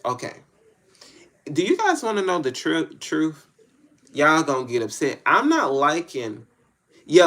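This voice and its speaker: A man's voice: mid-range voice, fairly bright tone. A man with a Southern US accent who works as a spiritual reader, talking in a blunt, slangy, profane and rambling way, often repeating himself. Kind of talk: casual rambling monologue.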